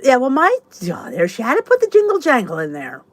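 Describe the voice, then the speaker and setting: A woman's voice: high voice, wildly swooping pitch, fairly quick, no echo. A middle-aged woman hosting her channel, chatting casually and enthusiastically to viewers in a rambling way. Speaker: YouTube channel host.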